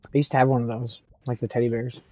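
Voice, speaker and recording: A man's voice: mid-range voice, flat delivery, fast, no room sound, highs cut off. A man with a Canadian accent, chatting in a rambling, casual way while streaming a game and laughing often. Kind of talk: casual chat while gaming.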